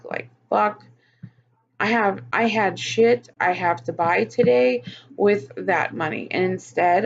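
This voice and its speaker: A woman with a gravelly edge to her voice, venting openly in a personal vlog and swearing freely. The recording sounds a bit muffled. Faint hiss sits underneath. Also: mid-range voice. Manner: frank, swears often, venting. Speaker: vlogger.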